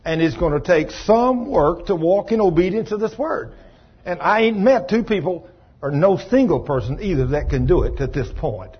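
Folksy preacher man, husky voice. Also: high voice, normal speed, dull audio. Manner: folksy, colloquial, animated preacher. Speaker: pastor. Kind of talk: folksy sermon with storytelling.

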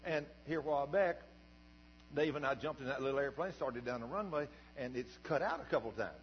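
An older man preaching as a pastor, telling a story in a folksy, animated way that swings from quiet asides to shouts. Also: mid-range voice, brisk. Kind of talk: sermon storytelling. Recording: dull recording with long hall reverb and mains hum.

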